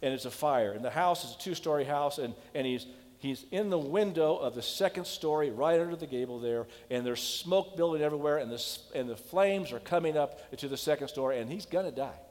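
A man's voice: on the high side, animated, brisk, darkish tone. A man preaching a sermon as a pastor, talking in an emphatic, questioning way and telling stories. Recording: long hall reverb.

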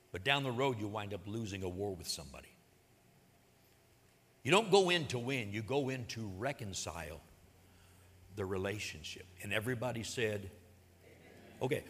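A man's voice: mid-range voice, fairly bright tone, in a large hall. A man preaching a sermon as pastor, earnest and plain-spoken, retelling a parable.

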